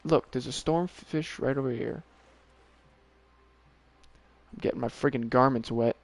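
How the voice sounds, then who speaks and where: A man with a medium-pitched voice streams a video game, casually talking to himself and the on-screen characters. He swears often and gets worked up quickly in his gameplay commentary.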